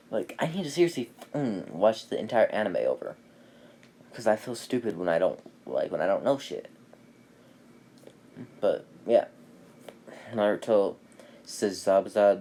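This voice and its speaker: Man, casual fan storyteller, very low voice, mellow tone, rambling with fillers. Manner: rambling with fillers, laughs at own jokes.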